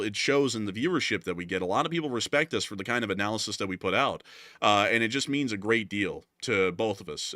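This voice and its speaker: A man's voice: lowish voice, pushed and bright, no room sound, clean studio sound. A man in his early twenties co-hosting a news livestream, earnestly thanking viewers with frequent fillers. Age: 20s. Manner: earnest, repetitive thank-yous, lots of fillers. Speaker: news channel co-host. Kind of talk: livestream chat, reading super chats.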